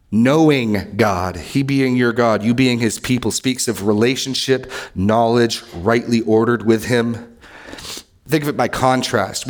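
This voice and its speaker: A man preaching an expository sermon, earnest and emphatic, repeating key lines and dropping low and quiet to stress a point. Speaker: pastor.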